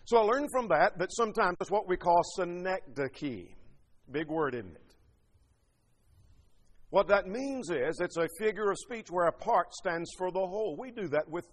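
A man's voice: high-pitched, fairly bright tone, in a large hall. A man preaching a sermon, teaching emphatically through rhetorical questions and scripture quotations.

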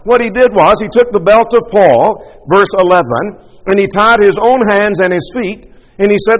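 A man's voice: high voice, animated, normal speed. A man preaching a sermon emphatically, asking rhetorical questions and repeating key lines. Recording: long hall reverb.

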